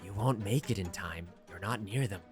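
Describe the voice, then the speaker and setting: A man voicing a creepy disembodied entity that taunts a lost child in a tabletop game, speaking slowly and softly. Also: fairly low pitch, music in the background, natural voice. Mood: taunting.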